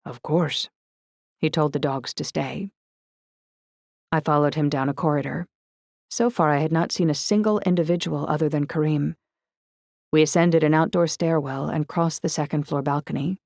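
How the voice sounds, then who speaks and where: A woman narrating an audiobook in the first person, steady and descriptive. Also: sits low, creaky, dry recording, clean studio sound.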